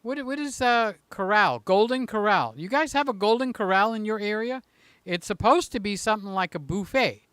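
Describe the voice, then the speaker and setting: An older man hosting a casual live stream, joking and teasing, swinging between loud bursts and quiet asides. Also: high voice, animated, normal speed, clear, resonant tone, dry recording, clean studio sound.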